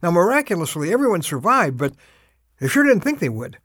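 An older man giving a short, earnest radio devotional, slowing to drive home urgent appeals. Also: high-pitched, big pitch swings, fairly bright tone, dry recording, studio quality.

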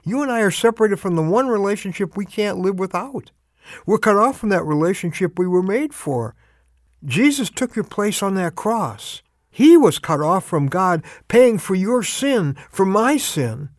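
A man giving a short radio devotional, earnest and emphatic, with dramatic pauses. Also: sits high, big pitch swings, no room sound, clean studio sound. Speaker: radio preacher.

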